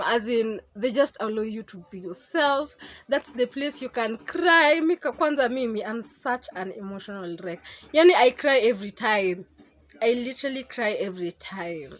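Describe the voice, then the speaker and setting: Kenyan girl vlogging casual and open, kinda high voice, confiding like she's talking to a friend. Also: low-quality recording. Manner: candid, confiding, mixes in Swahili slang. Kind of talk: casual chat to camera.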